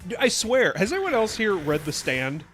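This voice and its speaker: A man's voice: high voice, big pitch swings, moderate pace, fairly bright tone, soft background music. A man streaming a video game, talking casually with rambling jokes and frequent bursts of laughter. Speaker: VTuber streamer. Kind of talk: casual let's-play commentary.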